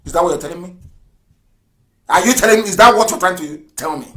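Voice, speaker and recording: A man giving a live radio address, fiery and mocking, firing off rhetorical questions and swinging from loud outbursts to low mutters. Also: quick pace, long pauses. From Nigeria. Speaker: broadcaster.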